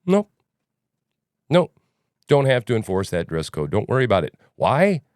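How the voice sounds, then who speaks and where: A man's voice: medium pitch, very animated, normal speed, a little mellow, no room sound, studio quality. A man hosting a news commentary podcast, talking casually in a rambling, sarcastic way. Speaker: podcast host.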